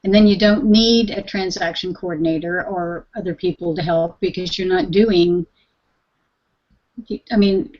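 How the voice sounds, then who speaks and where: A woman's voice: lowish voice, fairly even intonation, a little slow, dull audio. Candid woman realtor on a call. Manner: candid, talks in run-on strings of "and then". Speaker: realtor asking questions. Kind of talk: casual call-in conversation.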